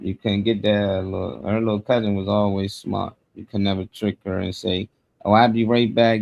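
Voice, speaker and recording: Low, gravelly man co-host. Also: no echo. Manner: relaxed, drawling slang-heavy talk. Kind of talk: casual chat.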